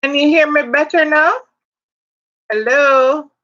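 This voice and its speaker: A woman's voice: high voice, steady tone, slow pace, a bit bright. A woman with a Jamaican accent hosting a casual livestream, reading viewer comments aloud and slipping into patois. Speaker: livestream host. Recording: dull lo-fi livestream audio.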